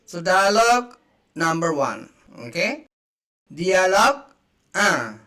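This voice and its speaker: A man teaching a beginner lesson, slowly saying each phrase twice and explaining it in English. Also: high-pitched, big pitch swings, bright, forceful tone. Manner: slow, repeats each phrase, spells out examples. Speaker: French teacher. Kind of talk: slow beginner language lesson.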